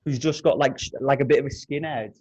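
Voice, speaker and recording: A man co-hosting a podcast, telling a long anecdote in casual chat, full of swearing and lively detail. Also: medium pitch, fast talker, breathy edge. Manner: animated, profane anecdote telling. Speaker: podcast co-host.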